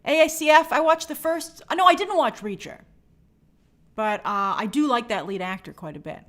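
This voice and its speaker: A woman's voice: fairly high pitch, normal speed. A woman hosting a casual livestream, reading viewer comments aloud and answering them chattily. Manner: animated, bubbly sign-offs. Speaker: host.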